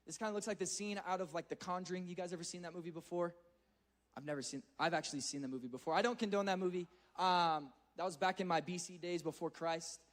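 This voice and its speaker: A youth speaker with a high-sitting voice talks fast, delivering an earnest, conversational sermon to a young audience. He often repeats words as he picks up speed.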